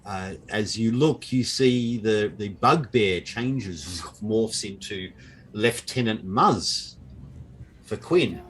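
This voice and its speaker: A man's voice: fairly low pitch, slow, fairly bright tone. A man narrating a tabletop game as game master, describing the scene with frequent fillers over an online call.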